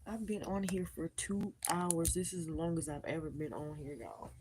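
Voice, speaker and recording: A woman with a low, deep voice talks to her live-stream viewers from home. She tells her story in an emphatic, animated way and calls her audience y'all. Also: normal speed, noisy background. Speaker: live-streamer and tarot reader.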